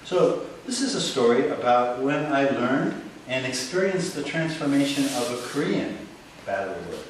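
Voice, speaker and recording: A man telling a story on stage in a dramatic, animated way, with pauses for effect, heard from a distant mic in a large echoey hall. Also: mid-range voice, a little hiss or hum.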